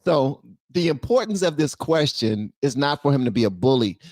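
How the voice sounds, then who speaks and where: A man from Southeast Washington, D.C. talks straight to his viewers in an emphatic, animated way. His pitch rises and falls widely. The sound is dry and close. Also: normal speed, dry recording. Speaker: YouTube commentator reacting to a clip. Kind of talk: casual reaction commentary.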